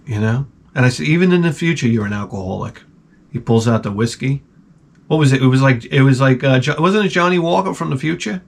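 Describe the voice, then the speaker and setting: A man hosting his own channel, telling a rambling comic story with lots of swearing and loud mouth sound effects. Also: mid-range voice, fairly quick, creaky. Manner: animated, profane, with loud sound-effect imitations. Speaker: channel host. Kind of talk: rambling comedic monologue.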